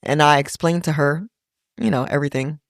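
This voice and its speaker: Creaky-voiced woman telling a personal story. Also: sits low, a little fast, dry recording, clean studio sound. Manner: reflective, quotes family members in little voices. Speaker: podcast host.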